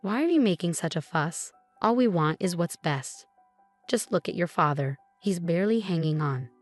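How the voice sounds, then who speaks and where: A woman's voice: fairly low pitch, animated, normal speed, no room sound, soft background music. A woman voicing a pushy, scheming older mother-in-law who talks in a sweetly insistent, dismissive way. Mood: indignant.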